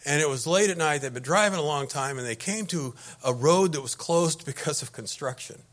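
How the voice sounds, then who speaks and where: A man's voice: a little high, brisk, fairly bright tone. Middle-aged man, preacher. Easygoing storytelling sermon to a congregation, with frequent false starts. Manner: folksy and anecdotal, with frequent restarts. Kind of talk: conversational sermon.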